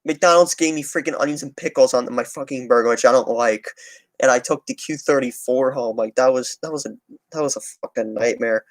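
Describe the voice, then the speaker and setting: The recording has no room sound, and the mid-range male voice moves a little fast. He's a young transit channel streamer rambling through casual livestream chat, cursing a lot and starting sentences over.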